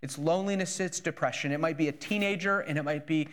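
Earnest male preacher with a higher voice. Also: fast. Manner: earnest preaching, dropping soft and low when reading prayers, rising for emphasis. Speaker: pastor. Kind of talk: sermon.

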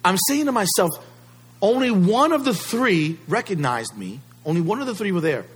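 A man's voice: high-pitched, sing-song, normal speed, breathy edge. A male pastor preaching a sermon, emphatic and fond of rhetorical questions to the congregation.

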